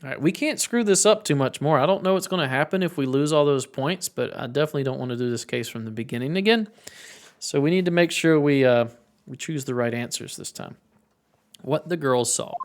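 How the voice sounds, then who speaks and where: A man's voice: a little high, quick pace. A man hosting a let's play video, chatting casually and with self-deprecating asides while he plays. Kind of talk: casual gameplay commentary. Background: faint game music.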